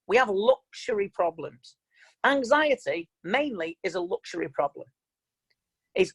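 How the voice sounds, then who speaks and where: During an online motivational seminar held over video call, a male mind coach repeats himself with plain-spoken emphasis. His voice sits high and is husky yet animated, at an ordinary pace, on a rough recording.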